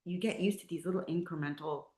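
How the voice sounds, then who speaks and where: A woman chatting casually on a faith podcast, telling stories in an animated way with lots of fillers. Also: lowish voice, fast. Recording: roomy echo.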